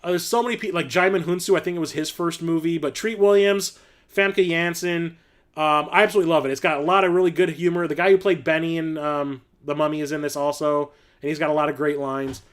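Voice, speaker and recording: A man's voice: a little high, fairly even intonation, quick pace. A man hosting a casual livestream, rambling enthusiastically with lots of fillers and casual swearing. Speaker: livestream host showing his film collection.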